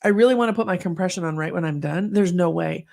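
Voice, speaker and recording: A middle-aged woman co-hosting a podcast, chatting casually and telling lively stories, acting out what people said. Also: lowish voice, fast, gravelly. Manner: chatty storyteller, acts out quotes. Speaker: podcast co-host. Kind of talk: casual chat.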